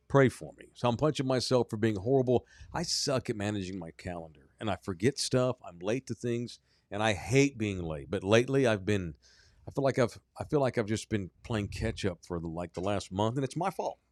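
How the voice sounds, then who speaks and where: A man's voice: medium pitch, lively intonation, a little fast, a little mellow, no echo. A man hosting a sports podcast, chatting casually and rambling in a self-deprecating way. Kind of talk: casual chat.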